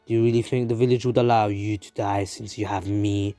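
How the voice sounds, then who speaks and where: A contemptuous fox spirit locked inside a boy's mind, as a man puts it on. He sneers and insults at a slow, heavy pace, his voice low and dark. The sound is dry and close. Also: little pitch movement, no echo, soft background music, lightly acted. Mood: scornful. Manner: mocking, insulting. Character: scornful fox spirit sealed inside a boy, gruff.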